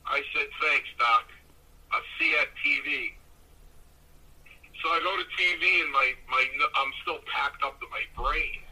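An older man with a bright, forceful voice and a husky edge tells a long story, slipping into the voices of the people in it. His delivery is animated and lively. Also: on the high side, measured pace, poor audio. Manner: animated, acts out voices of others. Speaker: guest storyteller. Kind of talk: casual storytelling.

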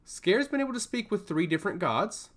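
A man's voice: medium pitch, expressive, a little fast, fairly bright tone, lightly acted. A man voicing a haughty female royal vizier with a harsh, scornful manner, in a storybook reading. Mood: questioning.

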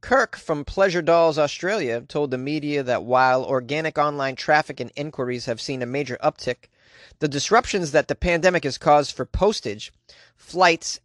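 A man's voice: medium pitch, fairly bright tone, no echo, studio quality. A man hosting a daily comedy news podcast, reading odd stories with wry, jokey asides. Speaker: podcast host.

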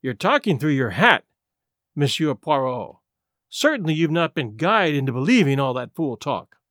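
A blunt doctor, played by a man in an audiobook, folksy and dismissive. His voice is lower than the reader's own and dry. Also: big pitch swings, moderate pace, fairly bright tone, dry recording. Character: blunt middle-aged male American doctor. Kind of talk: audiobook character voice.

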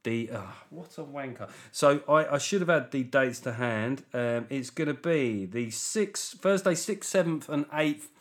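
A man's voice: on the high side, measured pace, hardly any pauses. A middle-aged man with a Southern English accent, hosting a solo comedy podcast, riffing loosely and swearing freely. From England. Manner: swears freely, riffs with mock voices. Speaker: podcast host.

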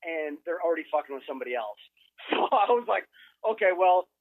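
A man from Minnesota tells a story in a casual podcast chat, his voice pitched a touch high. He talks animatedly and leans on "like" as he goes. The audio has a broadcast radio feel. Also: fast, no room sound, narrow, tinny audio. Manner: animated storyteller, lots of "like" fillers. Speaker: guest filmmaker.

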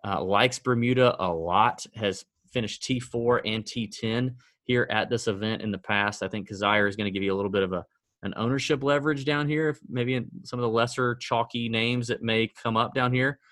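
Man, podcast co-host, casual sardonic betting chat, thinks out loud, mid-range voice, dry close sound. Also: medium pitch, steady tone, moderate pace, dry recording. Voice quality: conversational, sardonic, thinks aloud with fillers and self-corrections.

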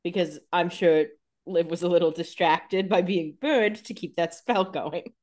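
Podcast co-host, woman, somewhat low voice, quick chatty reactions. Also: a little mellow. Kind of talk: casual recap chat.

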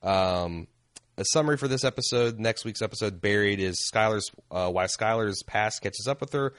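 A man co-hosting a casual podcast, joking loosely and reading listener emails aloud, his voice going hoarse. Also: on the low side, moderate pace, a bit bright, no room sound, studio quality. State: losing his voice. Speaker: podcast co-host.

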